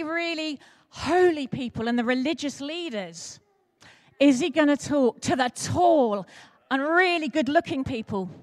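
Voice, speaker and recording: A woman preaching at an all-age church service, telling a story in a playful, animated way and speaking directly to the children. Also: sits high. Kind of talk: lively storytelling sermon for children and adults.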